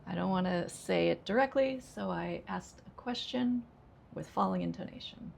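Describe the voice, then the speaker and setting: An American woman who teaches English as a second language, speaking each model sentence slowly and with exaggerated intonation. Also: mid-range voice, vocal fry, darkish tone, a little hiss or hum. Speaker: ESL teacher. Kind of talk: pronunciation lesson.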